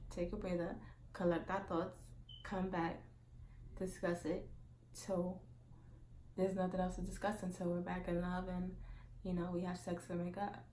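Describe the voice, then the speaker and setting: A young woman telling a casual storytime monologue as a vlogger, chatty and full of "like", acting out quotes loudly. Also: on the low side, echoey room, slight background noise.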